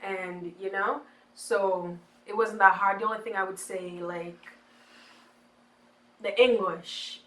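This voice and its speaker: A woman's voice: medium pitch, a bit bright. A young woman telling her story in a documentary interview, chatty and acting out what others said. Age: young adult. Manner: chatty, acts out quoted people. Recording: echoey room, faint hiss.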